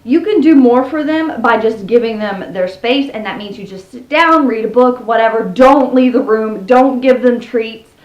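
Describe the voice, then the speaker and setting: A woman's voice: on the high side, expressive, moderate pace, hardly any pauses, a little hiss or hum. A woman vlogger explaining how to tame parrots in a casual, upbeat way, cooing at her birds between tips, recorded at home. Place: indoor room at home with pet birds. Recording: roomy, slightly dull home recording.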